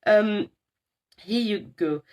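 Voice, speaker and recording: With a medium pitch, this young woman from the library staff walks through apps in an informal live demonstration. Her delivery is friendly and eager, broken up by many pauses.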